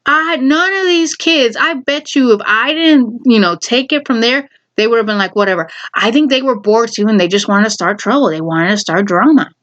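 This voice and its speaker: A woman's voice: fairly high pitch, normal speed, hardly any pauses, fairly bright tone, highs cut off. Exasperated woman venting in a vlog. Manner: heated, exasperated, swears freely. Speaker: vlogger. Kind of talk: casual storytelling monologue.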